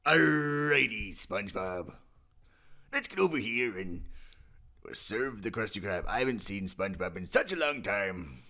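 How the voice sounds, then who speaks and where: A man's voice: fairly low pitch, lively intonation, measured pace, bright, forceful tone, full character voice. A man doing Mister Krabs, growly Irish-ish pirate crab. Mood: bossy, hearty. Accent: put-on Irish-tinged pirate. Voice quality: gravelly, growly. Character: gruff bossy male pirate crab boss.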